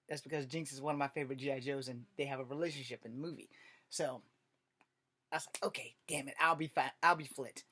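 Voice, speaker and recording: A man casually telling a personal story, rambling and swearing with lots of fillers. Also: on the high side. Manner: rambling and profane, full of fillers. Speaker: vlogger.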